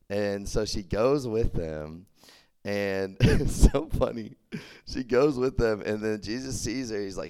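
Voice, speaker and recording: A man's voice: on the low side, lively intonation, unhurried, warm tone, smooth. A young man from Texas, preaching a casual youth sermon, chatty and full of "like" and restarts. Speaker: campus ministry preacher.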